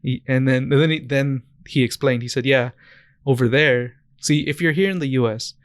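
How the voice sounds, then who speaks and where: A young American man co-hosts a podcast, rambling through anecdotes in casual chat and often restarting his sentences. His mid-range voice is smooth and clear, at a moderate pace, recorded close on a dry mic with no room sound.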